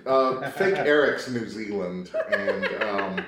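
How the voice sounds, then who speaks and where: A man's voice: on the low side, lively intonation, slow, echoey room, far from the mic, very noisy. A man co-hosting a casual movie commentary, laid-back and jokey, laughing often. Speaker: podcast co-host.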